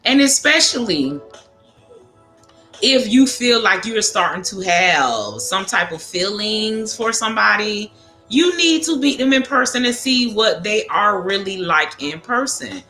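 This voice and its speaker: A woman's voice: medium pitch, very animated, a little slow, sharp tone. A woman hosting a casual livestream chat with viewers, talking frankly with lots of cursing and laughter. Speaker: livestream host. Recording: echoey room with music behind.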